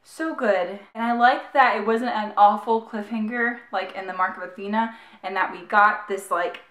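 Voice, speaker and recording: A young woman reviewing a book in a casual, gushing way, full of "like" and excited restarts. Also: medium pitch, moderate pace, roomy sound. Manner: gushing, excited, heavy use of "like".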